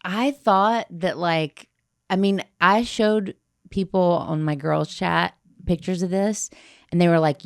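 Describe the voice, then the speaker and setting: A woman's voice: fairly low pitch, takes it slowly, clean tone, no room sound, studio quality. A woman co-hosting a podcast, chatting casually with blunt, crude humor and frequent laughter. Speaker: podcast co-host.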